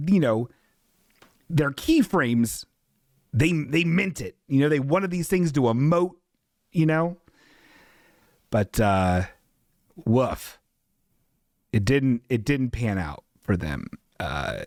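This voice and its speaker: A man's voice: mid-range voice, darkish tone, no room sound, clean studio sound. A man hosting a comedy livestream in casual chat, rambling and self-deprecating, often laughing at his own asides. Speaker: podcast host.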